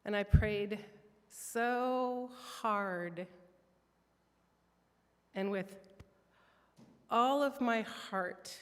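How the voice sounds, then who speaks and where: A woman telling a heartfelt personal prayer story during a church worship service, soft-spoken and emotional. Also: mid-range voice, extremely slow, pauses often, smooth, big-room sound. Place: church sanctuary.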